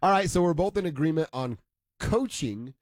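A man's voice: a little high, lively intonation, moderate pace, dry recording. A man hosting a sports talk show, chatting casually and laughing often.

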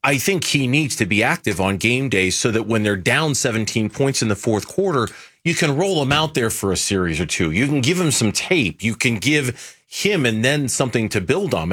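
A man's voice: mid-range voice, fairly bright tone, husky. A man co-hosting a sports radio show, talking casually and earnestly, arguing his points and stammering at the start of sentences.

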